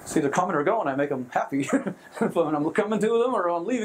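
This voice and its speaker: A man leading a motivational seminar in front of a live audience, excitable and quick to laugh at his own jokes. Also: high-pitched, slight background noise, rough recording. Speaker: seminar trainer.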